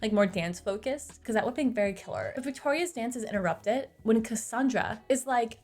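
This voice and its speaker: A woman's voice: on the high side, expressive, brisk, darkish tone, faint music behind. A young woman recapping a movie in a casual, chatty way, with sarcastic asides, recorded on a close mic. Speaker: movie reviewer.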